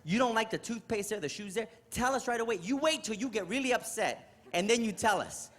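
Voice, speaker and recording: Doing stand-up in a theater, a middle-aged New Yorker spins exasperated tales and performs animated act-outs. He speaks a little fast, and his voice sits high.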